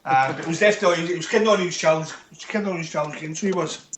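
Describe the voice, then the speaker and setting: Male caller, slightly high, wry and halting, roomy echo with faint noise. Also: a bit bright. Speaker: caller guest. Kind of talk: casual football chat.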